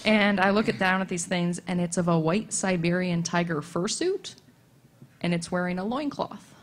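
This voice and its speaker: A woman's voice: on the low side, moderate pace, a little hiss or hum. A young woman telling funny stories on a convention panel, laughing often as she goes. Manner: laughing, animated anecdote telling. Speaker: comic creator on a convention panel. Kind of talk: casual storytelling.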